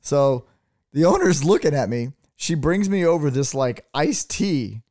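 A man's voice: fairly high pitch, very animated, unhurried, warm tone, dry recording, clean studio sound. Storytelling man, casual podcast co-host. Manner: storytelling, acts out quoted voices. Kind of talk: casual chat.

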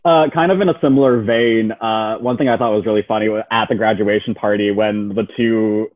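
A man's voice: lowish voice, fairly even intonation, brisk. A man joining a casual podcast chat, laughing as he talks and hedging his opinions. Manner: laughs while talking, hedging. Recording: tinny phone-like line.

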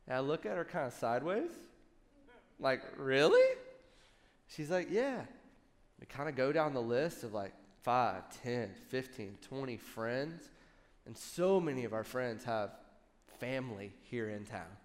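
A worship pastor in his thirties preaching a sermon, telling a personal story with lively asides to the congregation. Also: medium pitch, unhurried, big-room sound. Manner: animated storytelling with audience asides.

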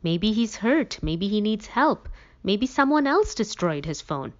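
A woman voicing a worried, sharp-tongued mother who protests tensely. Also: medium pitch, sing-song, measured pace, pitched above the performer's own voice. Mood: anxious. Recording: dull lo-fi recording.

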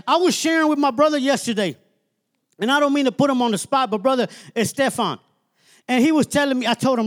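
High-voiced preacher, emphatic and repetitive. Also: male voice, fast. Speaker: minister. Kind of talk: sermon.

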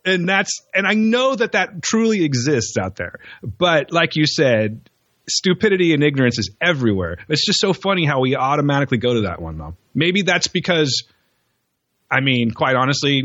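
A man's voice: medium pitch, sing-song, normal speed, fairly bright tone, dry recording, dull audio. A man hosting a podcast in a casual chat, jokey and talkative, swearing casually. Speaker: podcast host.

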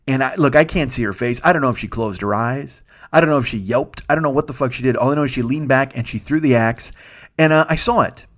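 A middle-aged man telling a long comic story as a podcast host, animated and profane, laughing and loudly acting out the voices in it. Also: medium pitch, quick pace. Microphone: studio microphone.

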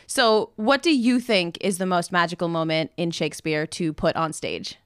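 A woman hosting a podcast in casual chat, bubbly and quick to laugh. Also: fairly low pitch, clean tone, dry recording, studio quality. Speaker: podcast host.

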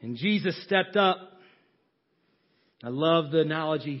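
A man preaching a sermon, swinging from shouting to hushed near-whispers. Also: a little high, normal speed, highs cut off.

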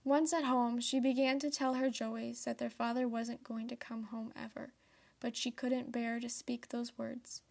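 A young woman in her late teens reading a storybook tale aloud in a soft, steady manner. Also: fairly high pitch, unhurried, creaky. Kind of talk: storybook narration.

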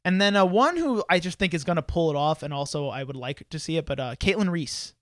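A man with a high, quick voice hosts a podcast, excitable and swearing freely as he rambles. The sound is dry and close, with no room around it. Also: no room sound. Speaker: podcast host. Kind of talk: casual chat. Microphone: headphones and studio mic.

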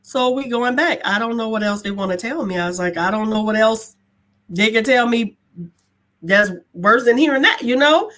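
Woman guest, lively colloquial storyteller, acts out dialogue, pitch a bit high. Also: moderate pace. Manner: laughs while telling. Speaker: guest sharing a testimony. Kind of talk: casual storytelling chat.

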